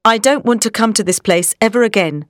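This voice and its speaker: A woman's voice: medium pitch, fairly quick, no room sound, studio quality, lightly acted. A woman reading the lines of an anxious young male asylum doctor who speaks in an agitated, earnest way.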